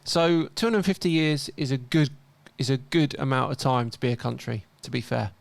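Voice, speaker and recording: A man's voice: medium pitch, fairly quick, vocal fry, no room sound. A man giving casual commentary as a host, reading out posts and mocking their mistakes with dry humour. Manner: wry, mocking, chuckles at mistakes.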